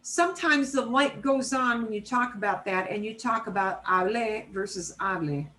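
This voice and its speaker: A woman's voice: mid-range voice, fairly bright tone, low-quality recording. A woman teaching a language class over a video call, chatty and explanatory, checking in often with "right?" and "okay?". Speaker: Spanish teacher. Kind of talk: casual online class teaching.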